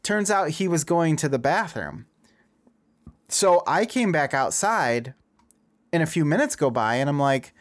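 A man in his thirties telling a story in casual chat, lively and acting out dialogue with a raised voice. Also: on the high side, a little slow, no echo. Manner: animated, acts out dialogue in a raised voice.

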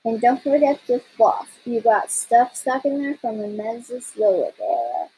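A woman's voice: on the high side, animated, measured pace, warm tone, slightly rough, heavily acted, rough recording. A woman voicing a bossy, brash little female bird who scolds and wisecracks bluntly in a storybook reading.

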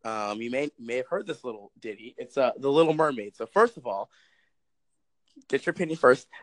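A man's voice: medium pitch, lively intonation, brisk, dry recording, poor audio. A young man co-hosting a casual chat, rambling with lots of fillers, swearing and laughing often. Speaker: podcast co-host.

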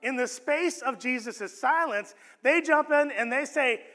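A man delivers a sermon in an earnest, expressive way, often stumbling over and restarting words as he works through his points. His voice sits high and bright. It carries a long reverb, as in a church hall. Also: a little slow, hardly any pauses. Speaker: pastor.

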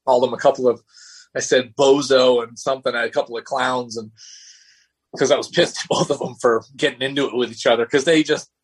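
A man's voice: mid-range voice, fairly even intonation, a little fast, breathy edge. A man being interviewed, a race car driver telling stories in a loose, rambling way with many restarts. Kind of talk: casual storytelling interview.

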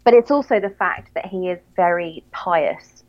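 A woman's voice: fairly low pitch, normal speed, muffled recording. A woman from England with a Southern English accent, co-hosting a casual book chat in a dry, self-mocking way and laughing often. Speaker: podcast co-host.

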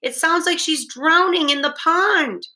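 A woman's voice: very high-pitched, measured pace, pushed and bright, pitched above the performer's own voice, heavily acted. A woman voicing a friendly ceramic toy bear in a read-aloud storybook, with a raised, earnest voice.

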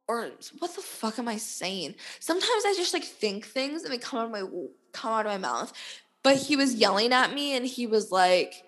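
A woman's voice: mid-range voice, lively intonation, unhurried, fairly bright tone, long reverb tail. Exhausted young woman podcaster rambling. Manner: rambling, frequent "like" fillers, blunt swearing. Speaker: podcast host. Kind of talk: casual storytelling.

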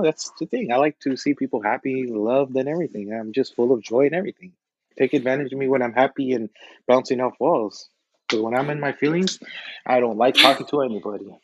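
A man's voice: medium pitch, dull audio. A man guesting on a podcast in casual chat, joking around and swearing freely as he rambles.

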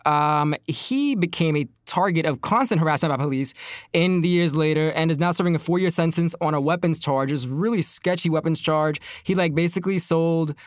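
A man's voice: on the high side, brisk, no room sound, studio quality. A man giving heated, profane commentary, mocking and incredulous. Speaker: commentary host.

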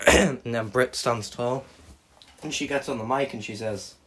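Male podcast host, slow-paced animated wrestling recap. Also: medium pitch, slightly rough. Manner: hums entrance themes, animated play-by-play. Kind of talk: fantasy booking recap with sung themes.

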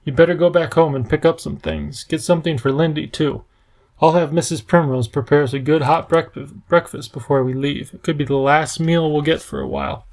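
A man's voice: a little high, steady tone, vocal fry, a little mellow. A man doing a grave, worried professor. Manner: measured, grave, sometimes bitter. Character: worried, earnest older male professor.

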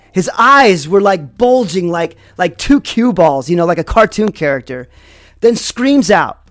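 A man recounts a personal story at an unhurried, dramatic pace, sprinkling in fillers. His pitch rises and falls expressively. The sound is dry and close, with faint music beneath. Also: no room sound. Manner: slow, dramatic delivery with many fillers. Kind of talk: first-person spoken storytelling.

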